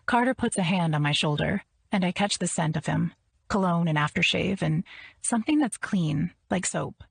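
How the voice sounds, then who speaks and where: Woman, audiobook narrator, low voice, husky, gravelly, dry close sound, first-person reading. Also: lively intonation, moderate pace, no echo.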